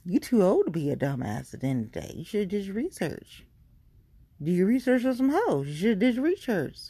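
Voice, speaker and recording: Woman podcaster, blunt and profane, warm low voice, dry close sound. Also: big pitch swings, fairly quick, breathy edge, dry recording. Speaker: podcast host. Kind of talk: casual ranting monologue.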